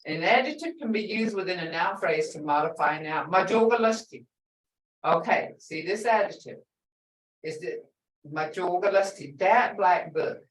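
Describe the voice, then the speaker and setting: Older lady teaching a language class, low-ish voice, kinda far off the mic. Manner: slow, drawn-out emphasis on example words. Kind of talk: language lesson. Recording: echoey room, voice far from mic.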